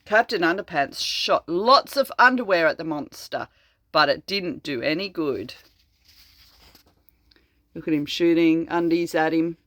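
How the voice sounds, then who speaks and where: Grandmother reading to kids; slow, animated, close dry sound. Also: on the low side, dry recording. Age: older. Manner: slow and expressive, chatting to children between lines. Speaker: grandmother reading a storybook aloud. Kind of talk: read-aloud storytelling to children.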